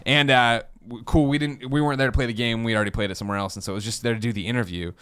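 A man in his thirties co-hosting a podcast, telling stories in an excitable, rambling way with lots of swearing and restarts. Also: mid-range voice, smooth. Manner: fast, excitable storytelling with frequent swearing and restarts. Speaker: podcast co-host. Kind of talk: casual chat.

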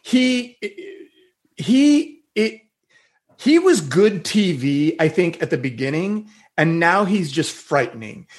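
A man guest on a podcast, giving his opinion in unhurried, drawn-out phrasing. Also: a little high, very animated. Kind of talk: casual chat.

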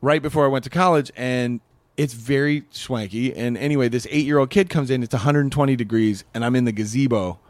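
A man's voice: medium pitch, fairly quick, no room sound. A young man from Kansas, a comedian, telling rambling stories in casual podcast chat and acting out the people he quotes. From Kansas, USA. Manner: rambling storytelling, acts out quotes. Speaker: comedian guest.

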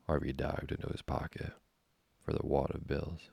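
A man reading a classic novel aloud in a steady, measured audiobook narration. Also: extremely low pitch, gravelly, husky, dry recording.

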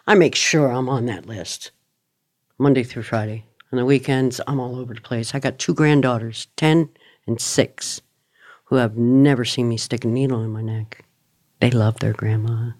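A woman's voice: extremely low pitch, steady tone, a little slow, darkish tone. A middle-aged woman, a podcast guest, telling her personal story in a blunt, profane, candid way.

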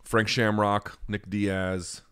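A young adult man hosting a podcast, telling a profane, animated story in a casual chat and answering questions. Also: fairly low pitch, takes it slowly, clear, resonant tone. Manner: profane, animated storyteller acting out other voices. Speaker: podcast host.

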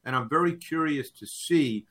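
A man's voice: a little high, normal speed, fairly bright tone. A man who analyzes football in a casual talk, thoughtful, often repeating words as he starts a sentence.

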